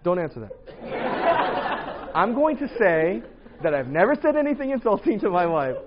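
A loud, animated man in his thirties gives a casual sermon, breaking into joking asides. His voice sits a little high for a man. The recording sounds dull and lo-fi. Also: measured pace, very noisy. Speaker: preacher. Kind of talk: casual sermon to young adults.

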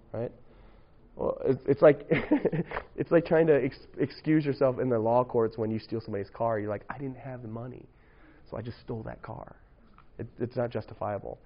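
A gravelly-voiced man gives a relaxed youth sermon, chatting and joking with his listeners and checking in with quick "right?" asides. The recording is dull and lo-fi, and his voice sits at an ordinary middle pitch. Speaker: youth pastor. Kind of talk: casual sermon to young people.

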